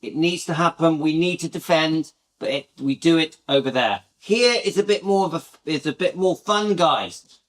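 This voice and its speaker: A British man hosts his channel, chatting to viewers casually and enthusiastically in a rambling way. His voice is fairly high, with lively intonation at a moderate pace.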